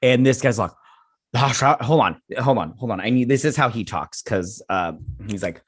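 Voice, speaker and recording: A man's voice: medium pitch, expressive, moderate pace, husky, dry recording. Sarcastic male reviewer with a dry sound. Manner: sarcastic, mocking, laughs often, many fillers. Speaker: YouTube host reviewing a TV episode. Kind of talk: casual spoken review.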